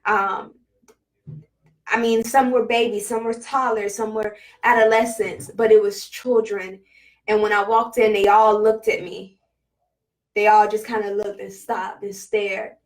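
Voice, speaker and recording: Emotional halting woman telling a story. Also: medium pitch, level tone, far from the mic, rough recording. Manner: halting, emotional retelling with many fillers. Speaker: spirituality vlogger. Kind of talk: casual story time.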